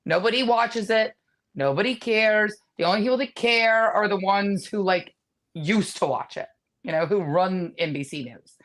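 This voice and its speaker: A woman's voice: medium pitch, moderate pace. A woman co-hosting a sports podcast, ranting bluntly and mocking rival teams in casual chat. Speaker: podcast co-host.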